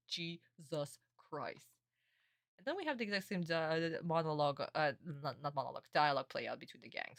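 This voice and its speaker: A young adult woman streamer chatting casually and excitedly, laughing and swearing as she reacts. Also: lowish voice, dry recording, studio quality.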